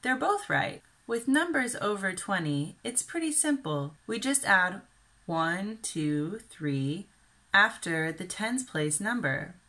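A woman from Kansas with a Midwestern American accent, giving a careful, clearly enunciated English lesson for beginners. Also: medium pitch, big pitch swings, takes it slowly, sharp tone. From Kansas, USA. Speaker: English teacher. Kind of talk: slow scripted ESL lesson.

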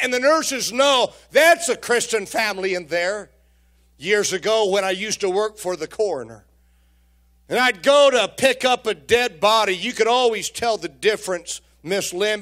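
High bright preacher guy in church, folksy stories, jokes at the congregation. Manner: folksy storytelling with jokes to the congregation, repeats words. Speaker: pastor. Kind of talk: sermon. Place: church sanctuary.

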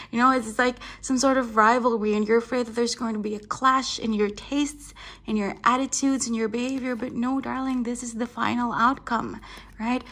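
A woman's voice: on the high side, fairly even intonation, fairly quick, fairly bright tone. A woman giving a tarot reading straight to the viewer, reassuring and affectionate, calling them darling, asking "right?" often and laughing between points. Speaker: tarot reader.

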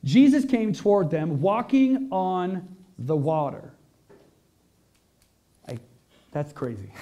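A man's voice: sits high, dark tone. A male pastor preaching a conversational sermon to a congregation, full of rhetorical questions and emphatic peaks.

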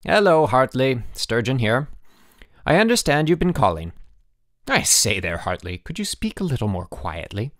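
A man's voice: medium pitch, sing-song, normal speed, fairly bright tone, dry recording, studio quality. A man voicing a stern, self-satisfied boarding-school headmaster who speaks in a clipped, formal way. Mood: smug.

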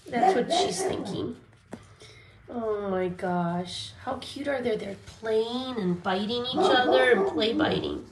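A woman's voice: fairly high pitch, expressive, takes it slowly. A woman filming rescue puppies for a casual vlog, cooing at the dogs in baby talk. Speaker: dog rescue volunteer. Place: indoor room with dogs. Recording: echoey room, faint background noise.

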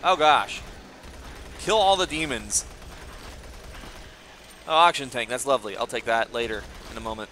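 A man commenting on his own gameplay, excitable and joking, swearing often and taunting the enemies. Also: mid-range voice, moderate pace, pauses often, slight background noise. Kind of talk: let's play commentary.

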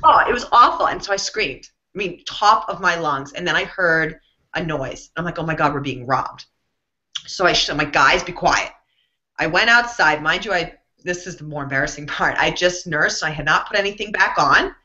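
A woman in her thirties with a low but bright, forceful voice, telling lively self-mocking stories as an interview guest. The sound is dull and lo-fi. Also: brisk. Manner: animated, self-mocking storyteller. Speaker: guest author. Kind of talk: casual interview storytelling.

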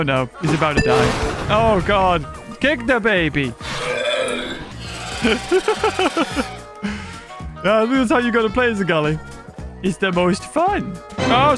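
A man giving excitable live commentary over a video game, exclaiming and laughing often. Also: very high voice, slow pace, long pauses, music in the background. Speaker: gaming YouTuber.

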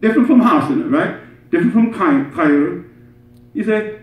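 A man's voice: high voice, lively intonation, a little fast. A man giving a Friday sermon as imam. He explains Arabic words, keeps asking "right?", and builds to emphatic peaks. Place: mosque prayer hall. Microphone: far from mic. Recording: distant, echoey, muffled hall recording.

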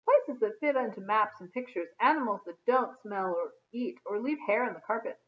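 A woman's voice: fairly high pitch, sing-song, moderate pace, lo-fi sound. A woman reading the part of an anxious, timid grown woman writer in a children's storybook, voicing her fretful, groaning complaints.

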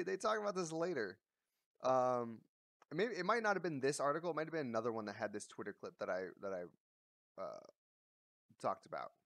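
A man vents in a casual commentary, blunt and mocking with plenty of swearing. His voice sits a little high, and it is recorded dry and close with no room sound. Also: a bit bright, no room sound. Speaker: commentary vlogger. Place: lives in a big coastal city.

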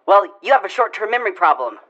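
A woman's voice: medium pitch, very animated, fast, fairly bright tone, dull audio. A woman voicing a pushy, teasing female intruder in a comedic overdub of a silent film. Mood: insistent. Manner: teasing, pushy, swings to mock menace. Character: pushy amnesia-minded woman intruder, playful and clingy.

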